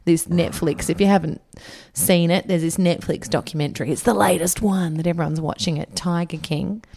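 Woman co-host, low-pitched, chatty and teasing. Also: steady tone, normal speed, creaky, dark tone, breathy edge. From Australia. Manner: chatty, laughs often, teasing. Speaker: podcast co-host. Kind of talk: casual chat.

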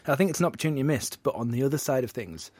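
A man out of breath, chatting about football as a guest on a podcast, quick and enthusiastic. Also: mid-range voice, animated, a little mellow, husky, dry recording. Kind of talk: casual football chat.

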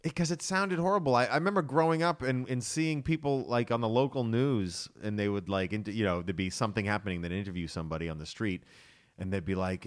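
Animated American man from Boston. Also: medium pitch, fairly quick. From Boston, USA. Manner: animated, jokey storytelling. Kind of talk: casual podcast chat.

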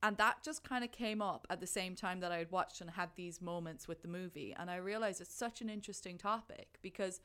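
Chatty young woman, slightly low-pitched, animated film-chat talker. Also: brisk, few pauses, clear, resonant tone. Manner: chatty, animated, acts out her own thoughts in quotes. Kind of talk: casual film discussion.

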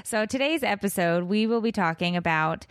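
A woman in her thirties or forties co-hosting a podcast, talking casually with joking, exasperated, animated storytelling. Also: medium pitch, moderate pace, no room sound, clean studio sound. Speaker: podcast co-host. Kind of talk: casual chat.

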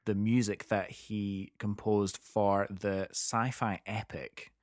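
Low-voiced male podcast co-host. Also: level tone, slow, dry recording, clean studio sound. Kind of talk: casual interview chat.

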